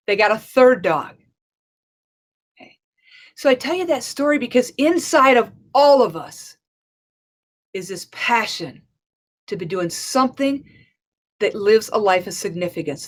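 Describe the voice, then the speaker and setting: A middle-aged woman, a life and leadership coach, gives a conversational conference talk and tells a story, acting out the dialogue as she goes. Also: mid-range voice. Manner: conversational and animated, acts out dialogue in stories.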